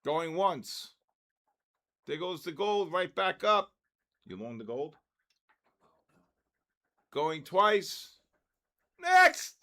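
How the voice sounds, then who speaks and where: A man's voice: a little high, animated, slow pace, long pauses. An older man hosting a live trading stream, reading out usernames and calling them in the style of an auctioneer. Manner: auctioneer-style calls, loud shouts of "next".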